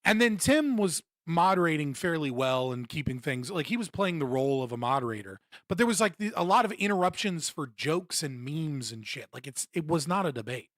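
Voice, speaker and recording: Young man live-streaming reactions, blunt and profane, slightly high voice, dry mic. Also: brisk, few pauses, no echo. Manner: blunt, profane, mocking, animated rants. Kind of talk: casual live-stream commentary.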